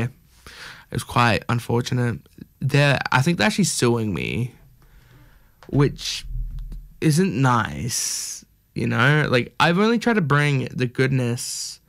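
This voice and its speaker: Young guy rambling and joking on his stream, slow talker, gravelly fry in the voice. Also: mid-range voice, a bit bright. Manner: joking, rambling, self-mocking. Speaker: stream host. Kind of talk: casual rambling chat.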